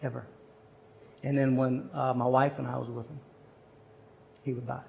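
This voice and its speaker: Gravelly middle-aged guy preaching, tells stories and does the voices, bit of noise behind. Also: mid-range voice, flat delivery, moderate pace, a little mellow, low-quality recording. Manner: storytelling, acts out quoted voices. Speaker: chapel speaker. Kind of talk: sermon story.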